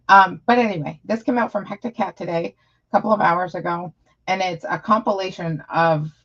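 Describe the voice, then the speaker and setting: A woman's voice: fairly low pitch, lo-fi sound. Frustrated woman rambling on a live stream. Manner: frustrated, rambling with many fillers. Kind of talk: casual live stream chat.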